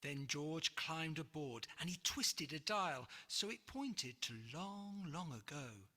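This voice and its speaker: A woman reading a rhyming picture book aloud in an expressive, breathy voice with dramatic pauses. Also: deep voice. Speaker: narrator. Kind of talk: rhyming storybook read-aloud. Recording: long hall reverb.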